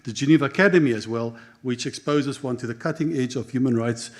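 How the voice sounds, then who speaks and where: A man giving a formal keynote speech at a graduation ceremony in a measured manner, often pausing with um and uh. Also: medium pitch. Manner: measured, with frequent um and uh. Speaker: keynote speaker.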